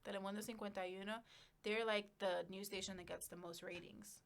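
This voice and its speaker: A woman's voice: mid-range voice, flat delivery, brisk, a crowd in the background. Chatty woman journalist guest. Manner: chatty, rambling, many fillers and laughs. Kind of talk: casual interview chat.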